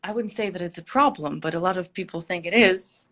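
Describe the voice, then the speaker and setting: A woman's voice: fairly low pitch, a little fast, a bit bright. Confident woman with a Russian mother tongue. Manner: confident, explanatory, teacherly. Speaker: guest linguist and accent coach. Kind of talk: livestream interview.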